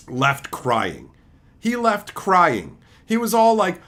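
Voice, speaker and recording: A man's voice: high-pitched, wildly swooping pitch, extremely slow, pushed and bright. A man streaming as he opens card packs, heatedly ranting and swearing as he tells a story in casual chat.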